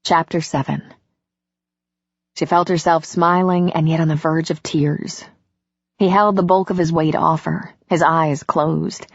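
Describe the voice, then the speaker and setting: A woman narrates a romance audiobook in a slow, intimate reading. Her voice sits low and husky, close and dry. The recording has a dull, lo-fi sound. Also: fairly even intonation, dry recording.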